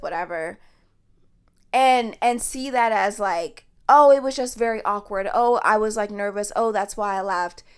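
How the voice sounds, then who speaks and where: Woman podcast host, mid-pitched, blunt and emphatic casual commentary with free swearing. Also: sharp tone.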